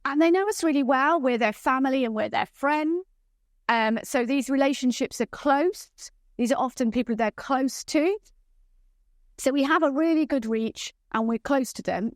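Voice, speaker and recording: An enthusiastic woman presents church leadership training, repeatedly checking in with listeners by asking rhetorical questions. Her pitch is fairly high, and the studio-quality audio has no echo.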